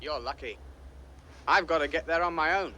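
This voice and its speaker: A man's voice: fairly high pitch, normal speed, bright, forceful tone, slight background noise. An actor playing an ambitious young man eager to get rich, in film dialogue.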